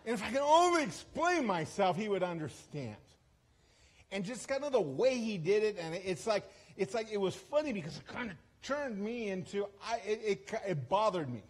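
Guy preaching as a guest, kinda high husky voice, rambly and self-deprecating with lots of restarts. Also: sing-song, moderate pace. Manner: chatty, self-deprecating, with frequent restarts and asides. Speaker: guest speaker. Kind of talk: storytelling sermon. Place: church service.

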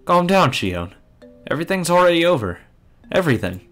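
A man voicing an anxious teenage boy trying to calm a frightened friend. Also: mid-range voice, normal speed, faint music behind. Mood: urgent soothing.

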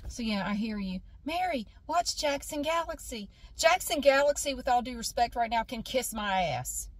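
A woman's voice: on the high side, lively intonation, moderate pace. A tired woman venting in a casual vlog, recorded on a phone in her parked car, frustrated and talking to herself. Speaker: vlogger.

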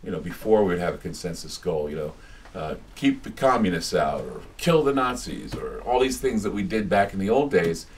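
A man with a very low voice tells stories in a loose, rambling way and keeps restarting his thoughts. He is caught by a room mic in a small bookstore, so he sounds distant. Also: lively intonation, brisk, a little hiss or hum. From United States. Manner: rambling, chatty storyteller with many restarts. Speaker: radio host giving a talk. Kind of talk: casual public talk with anecdotes.

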